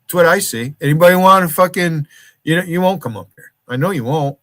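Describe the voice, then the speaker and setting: A livestream host, a man, rants angrily and profanely, calling out viewers by name. His voice is on the high side, a bit bright and a little fast, with no room sound.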